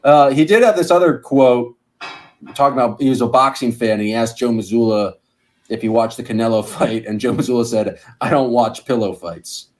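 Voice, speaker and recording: A man's voice: medium pitch, a little fast. A man hosting a casual sports podcast, chatty and upbeat, laughing easily. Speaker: podcast host.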